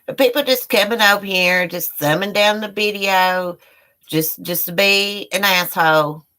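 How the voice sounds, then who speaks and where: A woman's voice: medium pitch, a little slow, sharp tone. A middle-aged woman on a live stream, ranting angrily at her viewers with heated, profane talk. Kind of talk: angry live-stream rant.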